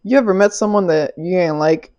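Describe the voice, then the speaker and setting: A woman's voice: on the low side, fairly quick, warm tone, highs cut off. A young woman giving a casual spiritual tarot reading, loose and chatty, laughing often and swearing casually. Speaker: tarot reader. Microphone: small clip-on mic.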